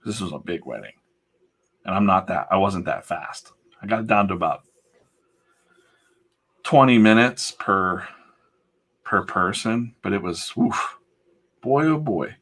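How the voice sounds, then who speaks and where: A man's voice: deep voice, lively intonation, a little slow, long pauses, fairly bright tone. A man who livestreams himself drawing comics, telling a rambling, casual story full of fillers and asides. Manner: chatty, digressive, full of fillers.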